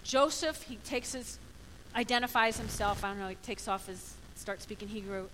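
A woman's voice: mid-range voice, normal speed, fairly bright tone, slight background noise, low-quality recording. A woman pastor giving a sermon in an emphatic, conversational way, acting out the people she quotes.

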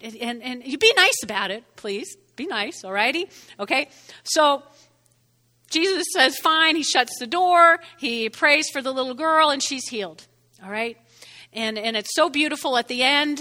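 A woman's voice: high voice, bright, forceful tone, big-room sound. A woman preaching a conversational sermon, checking in with the congregation often.

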